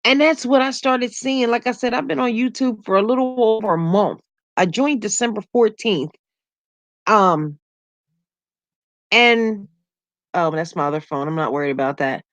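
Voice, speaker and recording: A middle-aged woman hosting a casual livestream, chatting with viewers, laughing often and telling animated stories. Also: a little high, moderate pace, pauses often, no room sound. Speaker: YouTube livestream host. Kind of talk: casual livestream chat reading comments.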